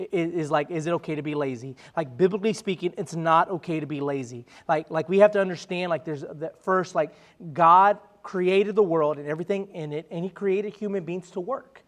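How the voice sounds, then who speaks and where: A young man giving a casual, conversational sermon to a young adult group, acting out little voices and laughing along. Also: fairly high pitch. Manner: conversational, acts out quotes, laughs at own jokes. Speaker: young adult ministry speaker.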